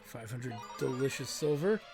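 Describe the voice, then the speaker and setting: A man's voice: mid-range voice, lively intonation, normal speed, gravelly. A man giving casual, laid-back gameplay commentary with chatty asides. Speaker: let's play host. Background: game music.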